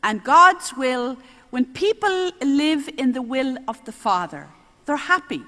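An older woman, a nun giving a spiritual talk on prayer, telling stories in a lively way with little chuckles. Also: sits high, takes it slowly. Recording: roomy hall reverb.

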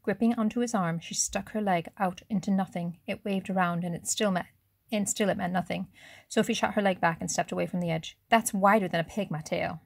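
Female audiobook narrator, measured storytelling, dry close sound. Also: lowish voice, fairly even intonation, vocal fry, a little mellow, dry recording. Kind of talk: scripted narration.

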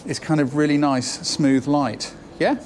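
This photography teacher speaks a little slowly, his fairly high voice darkish in tone and fairly even in intonation. Chatty and encouraging, he thinks aloud while working a shoot that goes from outdoors to indoors, with slight background noise.

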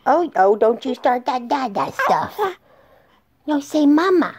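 A middle-aged grandmother in slow, soft, sing-song baby talk, coaxing an infant. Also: high voice, animated, breathy edge.

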